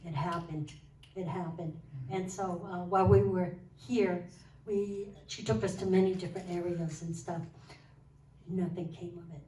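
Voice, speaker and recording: A woman shares her story in a casual, animated way, slipping into the voices of the people she quotes. Her voice is mellow and dark, heard from some way off the mic in a roomy hall with a faint hiss behind her. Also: fairly low pitch, normal speed, far from the mic. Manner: animated, acts out quoted dialogue. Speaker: guest sharing a testimony. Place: church hall.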